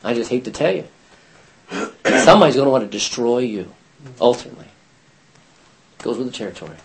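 A man's voice: medium pitch, animated, fairly quick, slightly rough, low-quality recording. A man leading a Bible study class, reading scripture aloud and putting questions to his students.

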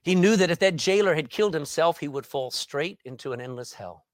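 A man preaching a sermon, asking rhetorical questions and swinging between loud and soft. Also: fairly high pitch, expressive, brisk, no echo.

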